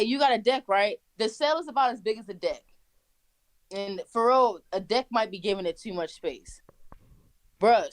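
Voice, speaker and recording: A young woman telling wild stories in casual, profane chat, laughing as she goes. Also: on the high side. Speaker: guest. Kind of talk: casual storytelling.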